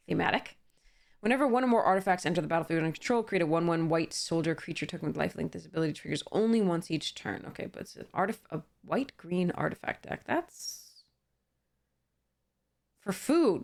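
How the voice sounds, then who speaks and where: Chatty young woman with a lowish voice, casual card-opening commentary. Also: gravelly. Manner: chatty, reads card text aloud, frequent fillers and laughs. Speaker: card game YouTuber.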